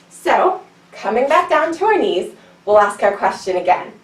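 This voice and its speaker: A woman's voice: medium pitch, sing-song, a little slow, echoey room, distant mic, poor audio. A woman teaching a children's yoga class, telling a story in a playful, sing-song way while guiding poses.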